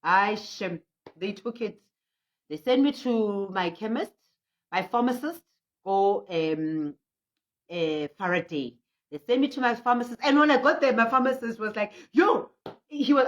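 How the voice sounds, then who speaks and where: Middle-aged South African woman, traditional healer host, animated livestream storyteller, muffled lo-fi sound. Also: fairly high pitch. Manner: animated storytelling, reads out viewer comments; frequent laughter and restarts. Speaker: traditional healer hosting a prayer session. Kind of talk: livestream talk. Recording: muffled lo-fi audio.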